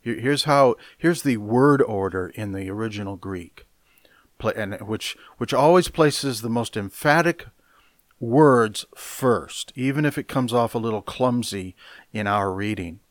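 Male preacher, mid-pitched, slow measured teaching, dry close recording. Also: no echo. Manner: deliberate, measured, explaining word by word with emphatic stresses. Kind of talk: expository Bible teaching.

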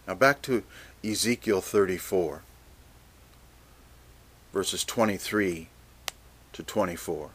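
A man preaching a Bible teaching sermon, measured and deliberate, reading scripture passages aloud. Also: low voice, a bit bright, breathy edge.

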